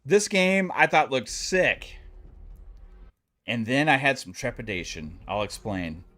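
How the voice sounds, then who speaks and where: A man's voice: mid-range voice, lively intonation, slow pace, fairly bright tone. A man chatting casually on a live stream, rambling with lots of fillers and swearing freely. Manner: rambling, many fillers, profane.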